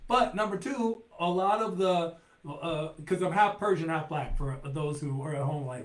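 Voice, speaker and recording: A man with a notably high voice trades jokes as a podcast guest. He sounds confident and playful. The room around him adds an echo. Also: moderate pace, a bit bright. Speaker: comedian guest. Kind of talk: casual comedy chat.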